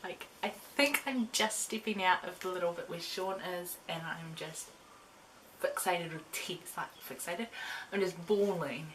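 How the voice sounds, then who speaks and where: A young woman telling a fan story in a casual bedroom vlog, excitable and gushing, with giggles and drops to a whisper. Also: fairly low pitch, a little slow, a little hiss or hum. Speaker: vlogger.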